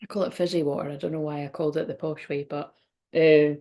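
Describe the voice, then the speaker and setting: With a warm, low voice that barely moves in pitch, a woman talks at a quick pace while reading oracle cards on a casual livestream she hosts as a tarot and oracle reader. She's chatty and rambling, frequently exclaiming and laughing at herself.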